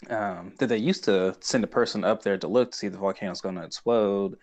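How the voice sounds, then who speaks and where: A man's voice: lowish voice, brisk, few pauses, a little mellow. A young man co-hosting a podcast, cheerfully recapping scenes with frequent laughs. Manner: recaps scenes, laughs often, acts out lines. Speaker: podcast co-host. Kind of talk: casual podcast chat.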